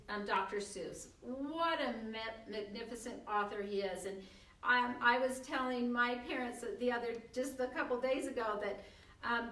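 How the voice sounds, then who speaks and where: A woman's voice: fairly high pitch, far from the mic, a little hiss or hum. An older woman giving a friendly, encouraging talk to parents on shared reading, with frequent ums. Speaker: early literacy presenter. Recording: echoey room, away from the mic.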